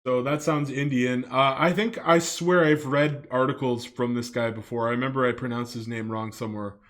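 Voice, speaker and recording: A man's voice: mid-range voice, steady tone, moderate pace, a bit bright. A man from Canada giving loose, casual commentary for his video, full of fillers and restarts, with some swearing.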